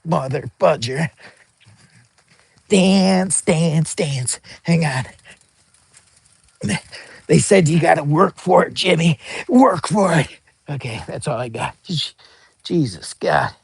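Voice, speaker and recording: A goofy man talking on a live stream, joking and getting worked up as he hypes his viewers. His voice sits a little high with a gravelly edge. The sound is dry and close, with no room echo. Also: a little slow, pauses often. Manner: joking, hyped, begs for likes, bursts of excitement. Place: outdoor campsite by a pellet stove.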